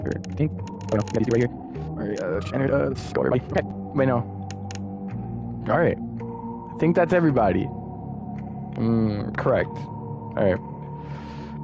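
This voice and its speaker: A young man giving casual, excitable commentary while playing a horror game, muttering one moment and yelling the next. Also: medium pitch, normal speed, pauses often, over music. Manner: excitable, swings from muttering to yelling at jump scares. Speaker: gaming streamer.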